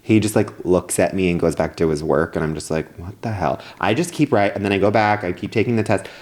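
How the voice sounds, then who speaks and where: A man's voice: deep voice, quick pace, a little mellow. A young man co-hosting a podcast, telling a story in casual chat and acting out his own past lines. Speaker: podcast co-host.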